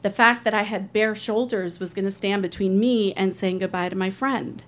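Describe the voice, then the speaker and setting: A woman's voice: medium pitch, steady tone, normal speed. Woman telling her own story on stage, earnest, chatty, does little voices for people. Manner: earnest, conversational, acts out other people's voices. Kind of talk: live personal storytelling.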